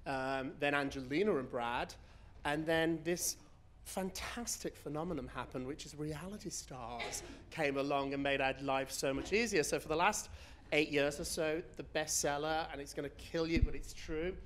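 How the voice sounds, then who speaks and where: A man giving a measured, knowing answer as a guest on a panel talk. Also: fairly high pitch, fairly bright tone, a little hiss or hum.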